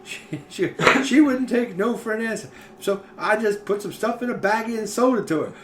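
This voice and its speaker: A man chatting casually as a podcast co-host, telling stories in an animated way and swearing freely. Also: sits high, normal speed, distant mic. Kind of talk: casual chat. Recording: echoey room with faint noise.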